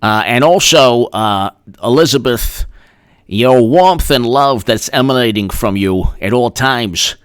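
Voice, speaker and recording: A man's voice: medium pitch, unhurried, clear, resonant tone, no room sound, clean studio sound, lightly acted. A man doing a crooning, lovesick old senator. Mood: swooning.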